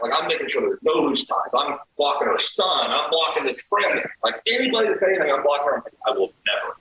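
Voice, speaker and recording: Animated swearing man in echoey room. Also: medium pitch. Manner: animated, swears, acts out quoted lines. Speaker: guest storyteller. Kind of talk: casual storytelling.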